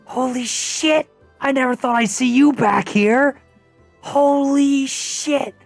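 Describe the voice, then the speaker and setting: A man voicing an excitable, brash young man of about twenty who gushes loudly and swears. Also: extremely high pitch, takes it slowly, creaky, dry recording, soft background music, pitched above the performer's own voice, heavily acted. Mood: gushing. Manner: loud, gushing, swearing.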